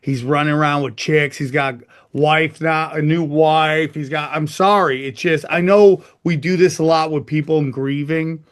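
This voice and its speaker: Blunt, profane man, higher voice. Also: steady tone, normal speed, hardly any pauses. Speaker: podcast host. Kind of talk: casual chat.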